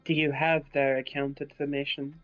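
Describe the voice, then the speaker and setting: A man's voice: on the high side, level tone, normal speed, muffled recording, soft background music. A man playing a tabletop game, making brief, dry remarks. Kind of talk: casual chat in a tabletop game.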